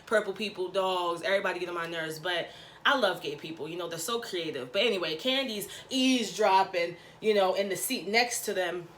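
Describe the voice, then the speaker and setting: A woman's voice: fairly low pitch, fairly quick, a bit bright, a little hiss or hum. Sassy, chatty woman vlogger. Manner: sassy, chatty, says "okay?" often. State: out of breath. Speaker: YouTube vlogger. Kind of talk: casual TV recap vlog.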